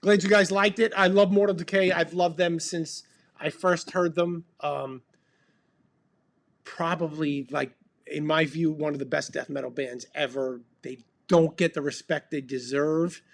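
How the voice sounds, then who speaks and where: A man's voice: a little high, fairly even intonation, a little slow, gravelly. A man in his fifties hosting a casual livestream chat, rambling and laid-back with many ums while sipping bourbon. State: drinking bourbon while talking. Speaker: band member hosting a livestream.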